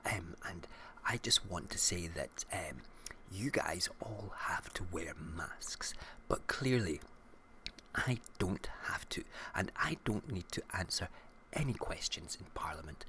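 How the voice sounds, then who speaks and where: A man's voice: sits low, expressive, a little slow, bright, forceful tone, exaggerated voice. A Scottish man voicing a smug, scheming male politician in a sneering, self-important manner, as whispered role-play.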